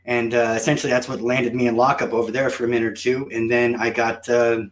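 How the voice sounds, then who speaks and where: A man telling stories in a casual chat, animated and self-mocking. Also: medium pitch, quick pace. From United States. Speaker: guest.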